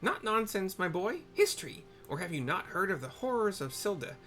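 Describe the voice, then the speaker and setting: A man's voice: sits high, sing-song, normal speed, fairly bright tone, faint music behind, voice pushed up. A man voicing a fierce, grieving old woman who presses every point with "eh?" and a turn of speech. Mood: bitter. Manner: accusing, repeats "eh?" to press her point.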